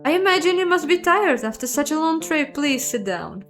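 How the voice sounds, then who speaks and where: A woman voicing a poised young empress-to-be who speaks in a formal, measured, persuasive way. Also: sits high, very animated, voice pushed up. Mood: diplomatic. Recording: guitar music behind the voice.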